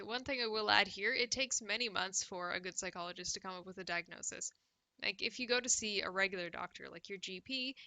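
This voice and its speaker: Sarcastic Canadian woman, bright dry voice. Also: medium pitch, no echo, rough recording. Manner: sarcastic, laughs often, drinks cider on stream. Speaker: livestream host. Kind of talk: casual livestream commentary, reading news aloud.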